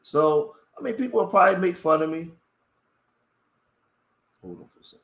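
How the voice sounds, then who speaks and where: A man's voice: on the high side, expressive, normal speed, vocal fry, fairly bright tone. A man talking on a live stream, impassioned and rambling, often restarting his sentences. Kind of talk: emotional live-stream talk. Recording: roomy echo.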